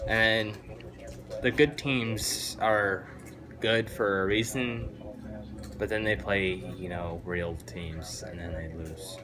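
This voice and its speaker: A young man ranting about football to camera in an excitable, rambling, opinionated way. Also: lowish voice, takes it slowly, crowd noise. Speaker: vlogger. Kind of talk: casual sports rant to camera.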